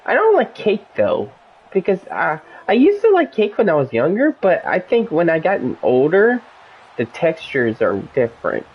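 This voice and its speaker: A gaming streamer chatting casually while playing, rambling and animated as they jump from one topic to the next. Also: medium pitch, moderate pace, breathy edge, muffled recording.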